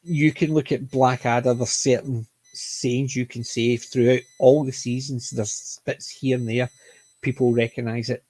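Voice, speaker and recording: In an unhurried, steady tone, a Scottish man with a mild accent chats about a TV comedy he's reviewing. He rambles, corrects himself often, and restarts with apologies. His medium-pitched voice is darkish, with no room sound.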